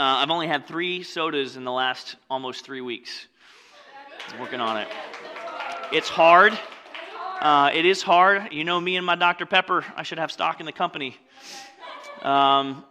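A male pastor delivering a sermon with a bright, forceful tone and a voice pitched a little high. He talks casually, dropping joking asides between passages of scripture. His delivery swings from loud, lively stretches to quiet ones. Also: a little hiss or hum.

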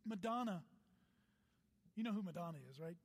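A man preaches with a high, bright voice that rises and falls eagerly. He breaks off for playful asides and read-out quotes. His words carry long reverb through a large hall. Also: normal speed, breathy edge. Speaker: pastor. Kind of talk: sermon.

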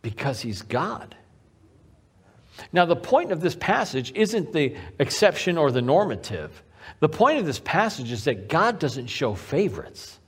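A man preaching a sermon as pastor, repeating key phrases for emphasis and slowing down on the main points. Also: on the high side, husky. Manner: varies pace, slowing on key lines.

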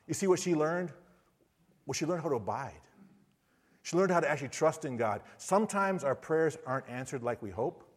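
A man's voice: medium pitch, breathy edge. A man, a missionary preacher, telling a personal story in an earnest sermon with frequent restarts. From United States. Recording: long reverb of a large hall.

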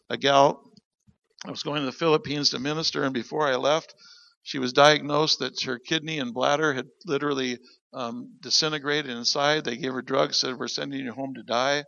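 Male pastor, gravelly, bright, dry close sound, dull lo-fi recording, animated storytelling sermon. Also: mid-range voice, no room sound. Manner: animated storyteller acting out quoted voices.

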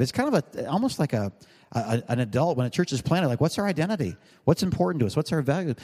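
A middle-aged male pastor preaching a sermon in a relaxed, joking, rambling way, with asides to the congregation. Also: mid-range voice. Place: large church hall. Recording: long hall reverb.

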